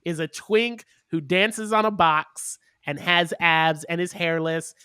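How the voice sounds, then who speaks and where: A man co-hosting a podcast, his voice a little higher than average and bright. He recaps in a casual, halting way full of fillers. The sound is dry, with no room echo. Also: smooth. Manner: recapping with many ums and uhs. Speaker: podcast co-host. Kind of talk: casual chat.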